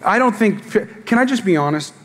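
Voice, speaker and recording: A middle-aged man preaches with a lively, swinging delivery and a slightly high voice. He tells jokes and stories and calls out to his congregation for a response. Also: moderate pace. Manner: animated, joking storytelling to the congregation. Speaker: pastor. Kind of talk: sermon.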